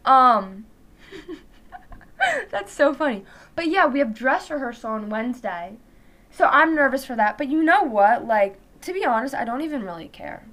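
A woman's voice: on the high side, animated, fairly quick, fairly bright tone, slight background noise. A teenage girl chatting casually in a vlog, rambling and peppering her talk with "like". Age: teens. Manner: rambling, full of "like" fillers. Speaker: vlogger.

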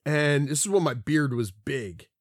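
A man's voice: on the high side, expressive, a little slow, no room sound, studio quality. A middle-aged man from the Philadelphia area, co-hosting a podcast in casual chat, rambling through stories with frequent restarts and plenty of swearing. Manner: rambling storyteller, swears freely, restarts often. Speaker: podcast co-host.

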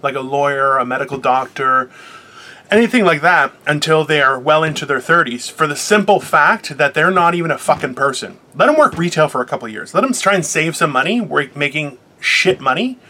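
A man co-hosting a casual podcast over a video call, talking in profane, opinionated, animated rants. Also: fairly high pitch, a little fast. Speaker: podcast co-host. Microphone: remote video call.

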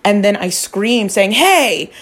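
A woman's voice: mid-range voice, normal speed. Rambling woman vlogger, chatty and confiding. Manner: rambling, confiding, swears casually, frequent restarts. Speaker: psychic true-crime vlogger. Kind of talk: casual chat to camera.

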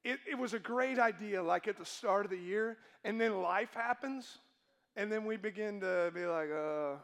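A man's voice: high-pitched, normal speed, fairly bright tone. A male pastor preaching a sermon to his congregation, emphatic and asking them questions.

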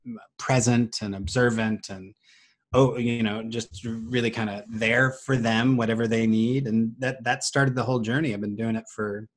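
A man's voice: medium pitch, normal speed. A middle-aged man, a voice actor, telling a story in casual chat and acting out the quoted voices. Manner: animated, acts out quoted voices. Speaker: voice actor guest.

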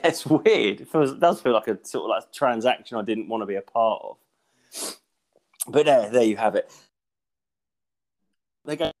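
A slightly mellow mid-range voice belongs to a comedian and podcast host, an adult with young kids, telling a story casually. He keeps restarting, giggling, coughing and getting breathless as he rambles.

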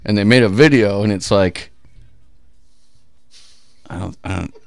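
A man co-hosting a comedy podcast, skeptical in casual banter and quick to laugh. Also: lowish voice, vocal fry, clear, resonant tone. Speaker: podcast co-host.

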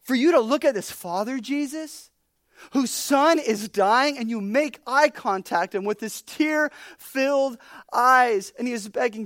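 A woman's voice: fairly high pitch, a little slow, no echo, studio quality. Chatty, joking woman preacher. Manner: chatty, animated, uses lots of "like". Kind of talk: casual, humorous sermon.

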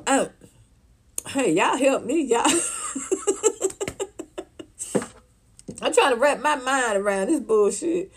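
Woman ranting on her livestream, cussing and laughing, kinda high-pitched. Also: moderate pace, background noise. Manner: profane, animated, laughs often. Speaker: vlogger reacting to viewer comments. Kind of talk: casual livestream rant.

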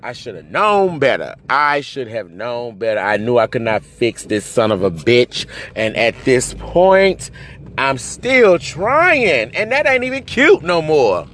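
A man crying and ranting in anger and hurt, swinging between yelling and low muttering, recorded outdoors near traffic. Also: big pitch swings, measured pace. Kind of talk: emotional rant to camera.

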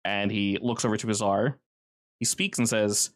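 A man's voice: lowish voice, moderate pace. A man running a tabletop game as game master, telling the scenes in a casual, vivid way with many fillers.

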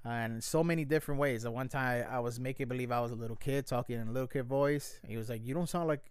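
A man from the US chatting loosely into a dry, close mic, with a smooth, resonant voice. He rambles and curses freely and tells his stories with a wry edge. His pitch sits in a middling range for a man. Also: quick pace, no room sound. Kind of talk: casual storytelling.

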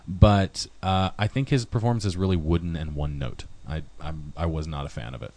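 A man's voice: low voice, normal speed, a little mellow. A man co-hosting a casual podcast chat, talking in rambling, hesitant restarts. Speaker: podcast co-host.

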